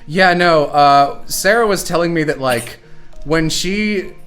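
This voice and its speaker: A man's voice: fairly high pitch, slow pace, fairly bright tone, faint music behind. A man hosting a casual livestream chat, retelling stories with lots of laughter and quoted voices. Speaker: show creator and stream host.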